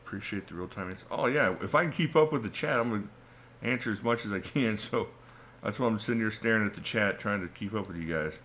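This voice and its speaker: A man's voice: on the low side, fast, fairly bright tone. A middle-aged man hosting a casual livestream, reading chat comments and laughing often in a chatty, laid-back way. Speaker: livestream host.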